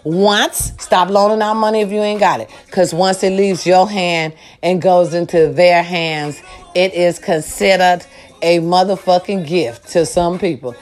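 An older woman giving a loud, sassy, profane pep talk to her followers. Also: lowish voice, fairly even intonation, measured pace, soft background music. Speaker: vlogger.

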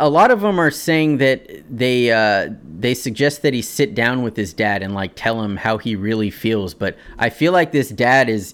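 Indignant podcast host ranting casually. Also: male voice, mid-range voice, a bit bright. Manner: indignant, swearing, mocking voices in quotes. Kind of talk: casual podcast chat reading forum posts.

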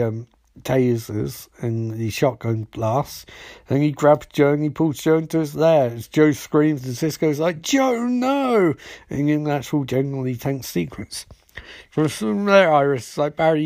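A man's voice: medium pitch, darkish tone, no echo. Man, podcast host, casual recap, sarcastic, rambling, dry close sound. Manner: rambling, sarcastic retelling with quick voiced quotes.

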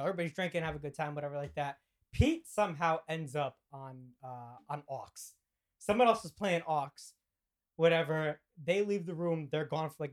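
Young man telling an animated party story. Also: fairly high pitch. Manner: animated, acts out quoted lines, laughs mid-story, swears casually. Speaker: podcast co-host. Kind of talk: casual storytelling chat.

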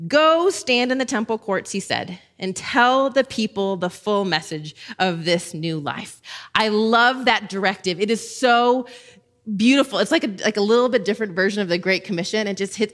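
A woman in her thirties teaching a Bible passage in a casual, animated way, acting out the people in the story and laughing easily. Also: medium pitch.

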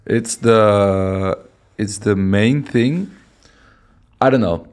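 Man, low pitch, halting casual chat, podcast guest. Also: darkish tone. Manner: halting, searches for words, many restarts.

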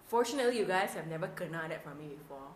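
A woman with a lilt tells stories on a casual podcast, acting out every line of dialogue with plenty of swearing. Her voice sits on the low side, and the room around her adds a noticeable echo. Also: racing, slight background noise. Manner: animated storytelling, acts out dialogue, swears freely. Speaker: podcast co-host. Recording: roomy echo.

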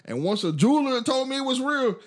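Man, casual guest, low-key and insistent. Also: very animated, fairly quick. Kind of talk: casual chat.

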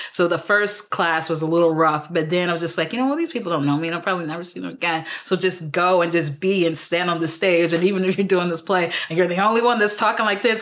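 A young woman with a Texan accent, chatting as a podcast guest in an animated, rambling way full of fillers. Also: fairly low pitch. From Houston, Texas. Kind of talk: casual conversation.

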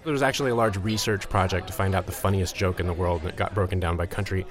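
Deep-voiced man over crowd chatter. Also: steady tone, quick pace. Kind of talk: telling a joke.

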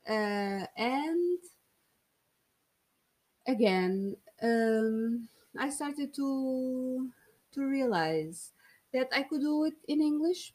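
Playful Portuguese woman, slow and breathy. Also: on the high side, mellow. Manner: playful, rambling, self-mocking with frequent laughs and fillers. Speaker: podcast host. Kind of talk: solo podcast monologue.

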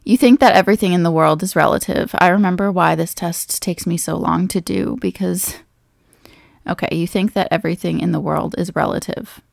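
A woman's voice: lowish voice, fairly even intonation, fairly quick, creaky, a little mellow, dry recording, clean studio sound. A pregnant young woman chatting casually as she takes a quiz, thinking aloud and poking fun at herself. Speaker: vlogger. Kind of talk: casual chat.

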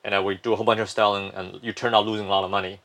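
A man's voice: lowish voice, flat delivery, racing, sharp tone. A man, a company founder, explaining his firm at length in a casual interview, often restarting sentences.

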